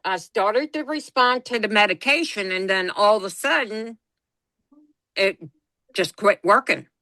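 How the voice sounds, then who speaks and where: A woman's voice: medium pitch, pushed and bright, dry recording. A middle-aged woman in a casual group discussion, animatedly telling a story about her time as a patient and acting out the quotes. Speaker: guest sharing her experience as a patient.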